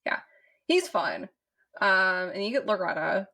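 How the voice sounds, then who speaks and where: A woman's voice: medium pitch, lively intonation, unhurried, bright, forceful tone. A woman from the States, co-hosting a podcast in casual chat, rambling with fillers. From southern United States. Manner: rambling, with many fillers and restarts. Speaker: podcast co-host. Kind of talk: casual chat about a film.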